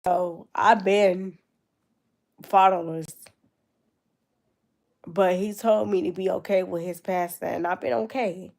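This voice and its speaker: A woman's voice: lowish voice, steady tone, slow, gravelly, pauses often, a little mellow. A nineteen-year-old woman with a cold and a stuffed-up nose, rambling in casual chat with her viewers on a livestream. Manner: rambling, answering chat comments.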